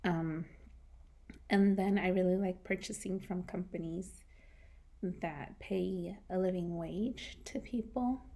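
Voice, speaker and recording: A woman losing her voice talks through her monthly budget in a casual, soft-spoken way, sometimes dropping to a whisper, on a new microphone. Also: on the low side, takes it slowly. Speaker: personal finance vlogger.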